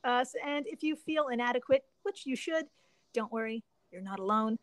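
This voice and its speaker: A woman hosting a casual podcast, excitable and swearing casually, laughing often. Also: a little high, normal speed, no room sound. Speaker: podcast host.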